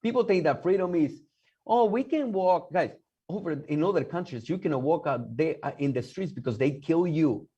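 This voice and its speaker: A man's voice: on the high side, fairly quick, mellow, slightly rough, muffled recording. A man in his late thirties from El Salvador, a native Spanish speaker with a Salvadoran accent, telling his story as a podcast guest in an emphatic way, often checking in with "okay?" and restarting his sentences. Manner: emphatic, repeats "okay?" and "guys", frequent restarts. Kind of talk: personal storytelling in a podcast interview.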